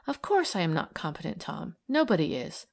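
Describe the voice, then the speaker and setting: A woman's voice: fairly low pitch, wildly swooping pitch, brisk, gravelly, heavily acted. A woman reading aloud and voicing an earnest, idealistic young woman who argues eagerly and persuasively.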